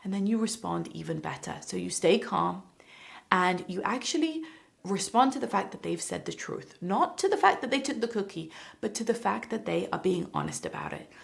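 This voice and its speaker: A woman with a gravelly edge to her voice talks straight to camera in a parenting lesson. She explains step by step in a calm, even way, slipping into short acted quotes of parent and child to show her point. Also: medium pitch, moderate pace. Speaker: parenting educator. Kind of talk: instructional talk to camera.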